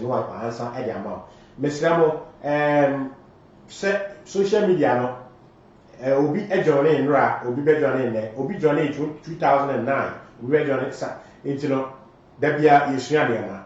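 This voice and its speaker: A man's voice: mid-range voice, a little mellow. Echoey, distant Ghanaian man hosting. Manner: emphatic, switches between Twi and English. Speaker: morning show host. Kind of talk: live show, reading viewer comments. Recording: very echoey, distant, dull lo-fi sound.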